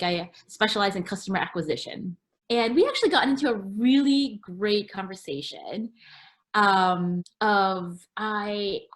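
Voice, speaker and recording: A woman founder chatting in an interview, full of fillers and restarts, acting out quoted dialogue with sudden lively jumps in pitch. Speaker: guest, apparel brand founder. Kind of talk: casual interview chat.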